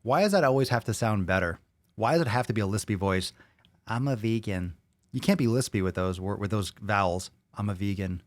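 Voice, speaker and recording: A man's voice: on the low side, lively intonation, quick pace, no room sound. A man hosting a podcast, reading viewer comments aloud and reacting to them bluntly, with a lot of swearing. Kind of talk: casual chat.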